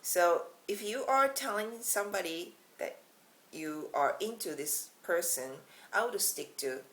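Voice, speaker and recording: Woman, Japanese accent, deep pitch, casual lesson, chatty, self-deprecating. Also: animated, measured pace, low-quality recording. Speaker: language teacher.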